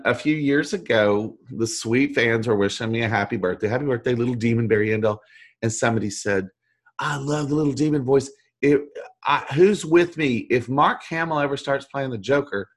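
A middle-aged man, a voice actor, chatting as an interview guest and telling animated, self-deprecating stories with mimicked voices. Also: mid-range voice, moderate pace. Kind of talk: casual interview chat.

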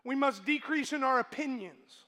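High-voiced man preaching a sermon. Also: moderate pace, pushed and bright. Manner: emphatic, asks the congregation questions. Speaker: pastor.

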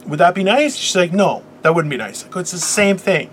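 A middle-aged man hosting a casual chat, telling stories in an animated, profane way. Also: sits high, a little fast, background noise. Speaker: podcast host.

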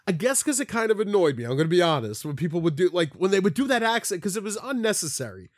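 Casual podcast co-host, male, high-pitched, loose and profane, dry close sound. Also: sing-song, fast, dry recording. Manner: rambling, swears freely, heavy use of "like". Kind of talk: casual chat.

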